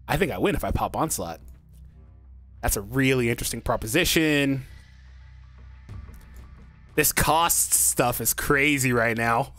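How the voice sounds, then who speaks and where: A young man hosting a gaming channel, commenting on a card game as he plays, excitable, talking to himself and laughing often. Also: a little high.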